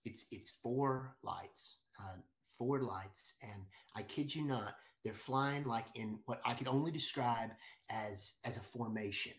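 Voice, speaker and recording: A middle-aged man in mid-story, talking at a fairly ordinary pitch but stumbling over himself as the excitement builds. He keeps restarting and repeating words. His telling stays animated throughout. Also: a little slow. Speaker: guest storyteller.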